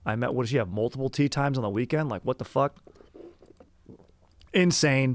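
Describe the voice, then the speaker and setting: A young man hosting a casual comedy podcast, excitable, swearing and saying "dude" often. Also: medium pitch, moderate pace, long pauses, no room sound. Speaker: podcast host. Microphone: headphones on.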